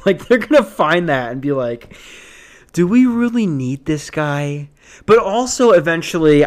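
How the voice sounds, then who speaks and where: A man hosting a podcast, ranting casually in a rambling, profane, sardonic way with sighs and restarts. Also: medium pitch. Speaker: podcast host.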